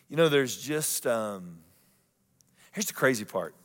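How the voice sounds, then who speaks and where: Man preaching in a reverberant sanctuary. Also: medium pitch. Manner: dramatic swings between loud emphasis and hushed intimate lines; repeats key phrases slowly for emphasis. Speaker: pastor. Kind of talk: sermon. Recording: long hall reverb.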